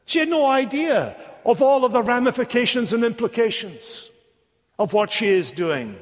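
A man preaching a sermon, emphatic and deliberate, with rhetorical questions. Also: extremely high pitch, lively intonation. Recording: long echo of a large hall.

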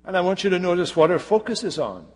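Male preacher, slightly high voice, slow dramatic sermon delivery, reverberant hall. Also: sing-song, darkish tone. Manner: slow, dramatic storytelling with pauses.

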